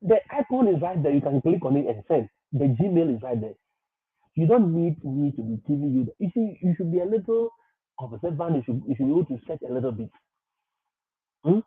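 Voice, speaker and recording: A man hosting a livestream, talking emphatically and circling back over his points with frequent laughs. His voice sounds a little husky, and the audio is thin and phone-like, in a dry room with no echo. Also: on the high side, big pitch swings, a little fast. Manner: emphatic, repetitive, laughs often. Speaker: livestream host. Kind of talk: livestream advice talk.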